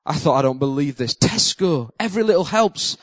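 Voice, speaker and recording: Man telling a story, high-pitched. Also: a little fast, no room sound, rough recording. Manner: animated, self-mocking storyteller who acts out his own panic. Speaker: preacher. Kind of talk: sermon storytelling.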